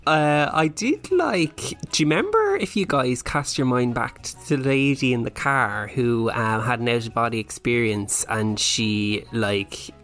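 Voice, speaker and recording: A man with a Northumbrian accent trading jokes and swearing as a podcast co-host. His pitch jumps around freely, and faint music runs underneath. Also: lively intonation, a little slow, hardly any pauses, fairly bright tone. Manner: joking, sweary banter. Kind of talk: casual chat.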